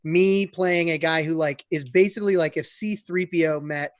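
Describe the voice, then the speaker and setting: A man's voice: on the high side, fairly even intonation, moderate pace, dry recording. A man talking casually as a guest on a round-table podcast, rambling with lots of fillers.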